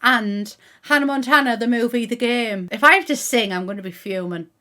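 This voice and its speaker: A woman's voice: a little high, moderate pace, bright, forceful tone. Chatty young Teesside woman. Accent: Teesside English. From Middlesbrough, England. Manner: chatty and rambling, with frequent restarts; swearing, local slang. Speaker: gaming YouTuber. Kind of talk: casual chat to camera.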